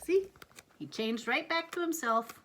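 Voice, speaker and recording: A woman reading a picture book aloud to a child, playful, with chatty asides and hushed whispers. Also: high-pitched, lively intonation, measured pace, a little hiss or hum. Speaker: parent reading a storybook to a child. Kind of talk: animated read-aloud storytelling.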